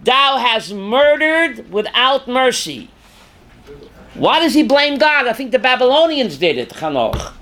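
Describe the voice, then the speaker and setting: High-voiced older rabbi lecturing dramatically. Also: male voice, sing-song, a little slow. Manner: dramatic, rising to shouts when quoting scripture, questioning students. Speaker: rabbi teaching a class. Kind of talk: Torah class lecture.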